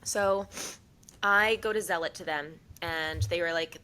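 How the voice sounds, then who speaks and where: Young woman, podcast co-host, bright forceful voice, slightly low pitch, animated storytelling, casual chat. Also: normal speed, rough recording. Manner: animated storyteller acting out quoted exchanges.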